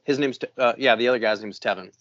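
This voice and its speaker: A man's voice: mid-range voice, fast, fairly bright tone, no room sound. A middle-aged man co-hosting a podcast, telling a long story in casual chat with constant swearing and heated rants. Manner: profane, ranting storyteller. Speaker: podcast co-host. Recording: dull, dry lo-fi sound.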